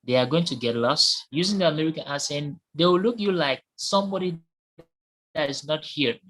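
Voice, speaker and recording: A man's voice: fairly high pitch, brisk, fairly bright tone, poor audio. A man giving his opinion in an online discussion, earnest and repeating his points for emphasis over a call. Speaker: discussion participant.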